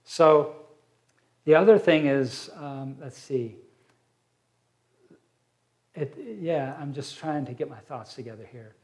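A man teaching a Bible study, reading verses aloud and explaining them slowly with fillers. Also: a little high, a little mellow.

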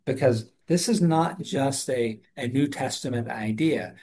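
Male co-host, earnest Bible-study talk, thoughtful, mid-pitched. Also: measured pace, a little mellow, slightly rough. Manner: earnest, thoughtful, with frequent restarts.

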